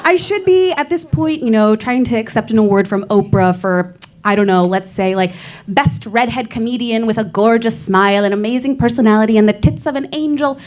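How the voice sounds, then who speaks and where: A woman's voice: a little high, a little fast, darkish tone. A young woman doing a stand-up set, self-mocking and playful, often breaking into laughter. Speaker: stand-up comedian. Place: comedy club stage.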